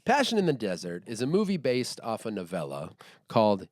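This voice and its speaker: A man's voice: fairly low pitch, huge pitch swings, fairly quick, no room sound, clean studio sound. A man co-hosting a podcast, retelling a movie plot in casual chat with rambling fillers. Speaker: podcast co-host.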